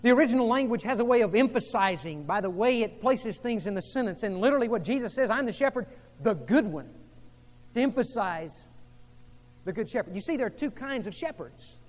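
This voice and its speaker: A man preaching a sermon as pastor, moving between hushed, intimate passages and emphatic, rising delivery. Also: very high voice, animated, a little fast, big-room sound.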